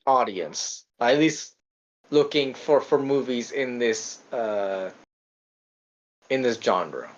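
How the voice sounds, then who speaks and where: A man's voice: medium pitch, expressive, slow pace, pauses often, muffled recording. A man co-hosting a podcast, chatting casually about a film in a rambling way, full of stammered restarts and casual swearing. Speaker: podcast co-host. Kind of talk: casual film review chat.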